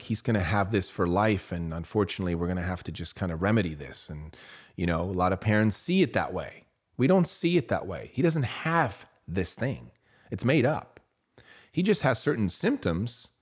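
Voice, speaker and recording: Earnest low-voiced man giving a talk. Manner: earnest and persuasive, with rhetorical questions. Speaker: parent giving a talk on parenting. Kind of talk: motivational monologue.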